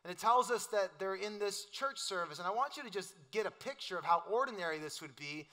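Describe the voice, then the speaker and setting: A man's voice: sits high, expressive, brisk, bright, forceful tone. A middle-aged man preaching a sermon in a casual, joking, storytelling way. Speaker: pastor.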